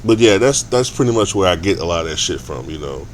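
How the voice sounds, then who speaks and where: A man's voice: sits low, lively intonation, fast, slight background noise. A man ranting casually in a vlog, profane and rambling, with stammered restarts. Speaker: sports vlogger.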